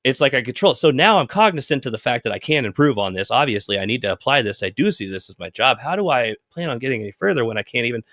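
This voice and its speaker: A man's voice: mid-range voice, very animated, fast, hardly any pauses, a bit bright, dry recording, studio quality. A man talking in a loose, rambling and profane way in a casual chat, hosting a live stream. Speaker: host.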